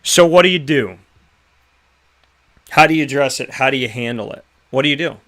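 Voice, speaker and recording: A man's voice: mid-range voice, expressive, moderate pace, fairly bright tone. An American man hosting a talk show segment, giving an earnest, reflective motivational talk full of rhetorical questions. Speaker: radio show host.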